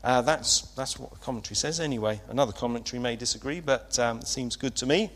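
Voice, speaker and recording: A man's voice: mid-range voice, fast, fairly bright tone. A man preaching an informal sermon, chatty and hesitant, with frequent fillers and restarts. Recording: long hall reverb.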